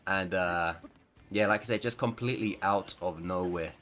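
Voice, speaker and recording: A man's voice: sits low, normal speed, a bit bright, a little hiss or hum. A man chatting casually over gameplay as a gaming creator, rambling and laughing mid-sentence.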